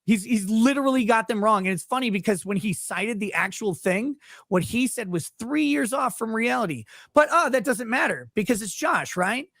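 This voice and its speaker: A man's voice: high-pitched, lively intonation, moderate pace, fairly bright tone, no room sound. A man ranting heatedly on a livestream, exasperated and swearing constantly as he defends himself. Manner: angry, exasperated, swearing heavily.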